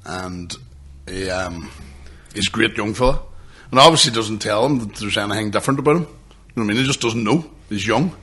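A man's voice: lowish voice, fairly quick, pushed and bright, slightly rough. A man co-hosting a podcast, telling sweary stories in casual chat with bursts of laughter. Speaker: podcast co-host.

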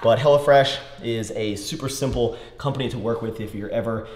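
A man's voice: mid-range voice, fairly quick, a little mellow, echoey room. A young man vlogging casually, rambling with lots of fillers and breaking into a sponsor read.

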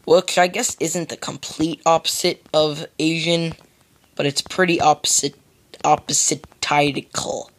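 A man's voice: fairly high pitch, steady tone, unhurried, fairly bright tone. A young American man rambling through casual gameplay commentary, goofy and full of silly "boop" sound effects. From United States. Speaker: gamer.

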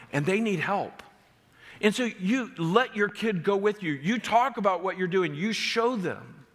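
A man's voice: on the high side, a bit bright, long reverb tail. A man preaching a sermon as pastor, driving home numbered points with rising emphasis. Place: church sanctuary.

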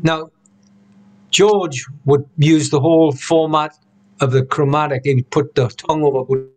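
A man's voice: a little high, steady tone, unhurried, a little mellow. Rambling man teaching harmonica online. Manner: rambling, many "you know"s and restarts. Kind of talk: casual online lesson. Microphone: video call computer mic.

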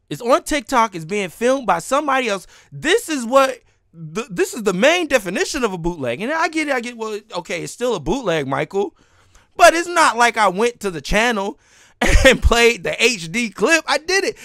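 A man's voice: very high-pitched, big pitch swings, normal speed, pushed and bright, no room sound, studio quality. Heated man ranting on a live stream. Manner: heated, swearing, laughing between lines.

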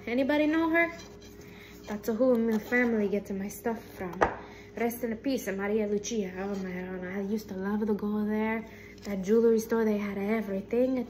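Playful woman doing a hammy Italian-American grandpa accent, pitched high, kitchen clatter behind. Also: slight background noise, close to an everyday voice. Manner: loud, playful, sprinkles in Italian words. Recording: kitchen clatter of dishes and utensils.

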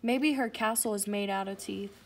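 A woman's voice: mid-range voice, moderate pace, lightly acted. A woman voicing a young boy as a matter-of-fact, exasperated big brother in a storybook read-aloud.

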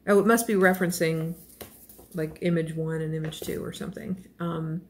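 A woman's voice: sits low, fairly even intonation, moderate pace, a little hiss or hum. A woman vlogger chatting casually while unboxing a crochet kit, gushing and self-deprecating, rambling with fillers and small laughs.

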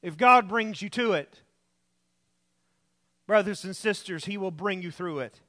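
A man preaching a sermon, telling a story and dropping to a soft voice for emphasis. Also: sits high, measured pace. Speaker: pastor. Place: church.

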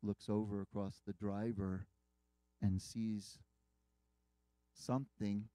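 A man's voice: on the low side, flat delivery, slow pace, dark tone, dry recording. A man preaching a sermon, earnestly retelling a dramatic story with quoted dialogue.

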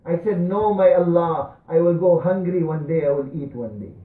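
Impassioned preacher in an echoey mosque. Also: male voice, normal speed. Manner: impassioned, rising to high cries and dropping to hushed tones. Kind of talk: sermon. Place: large mosque hall. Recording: distant, tinny, echoey mosque recording.

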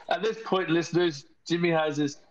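A man from Northern Ireland with a Northern Irish accent, hosting a podcast and making self-deprecating jokes in casual chat. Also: a little high. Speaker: podcast host. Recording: dull lo-fi sound.

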